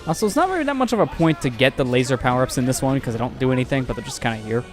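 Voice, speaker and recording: A man's voice: mid-range voice, expressive, very fast, faint music behind. A man hosting a let's play, giving casual, knowledgeable gameplay commentary. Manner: explanatory, knowledgeable.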